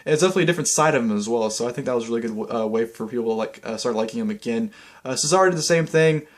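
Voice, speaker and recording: Fast-talking young man rambling excitedly. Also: mid-range voice. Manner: rambling, filler-heavy, excitable. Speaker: vlogger. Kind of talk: casual wrestling recap.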